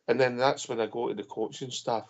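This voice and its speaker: A man's voice: medium pitch, fairly even intonation, a little fast. A man hosting a football phone-in, giving a blunt, frustrated match review and calling his co-host mate. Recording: dull lo-fi audio.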